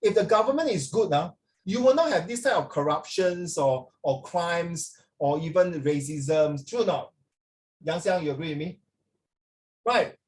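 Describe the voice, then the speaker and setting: A man's voice: on the high side, normal speed, darkish tone, rough recording. A middle-aged man with a Singaporean English accent, giving a blunt, opinionated classroom lecture and slipping into Mandarin. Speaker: teacher.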